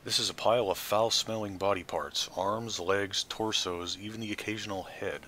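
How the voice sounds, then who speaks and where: Let's play host, low and bright voice, reads game text, dry asides. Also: male voice, fairly even intonation, normal speed, slight background noise. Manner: dry, offhand asides between read passages. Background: faint game music.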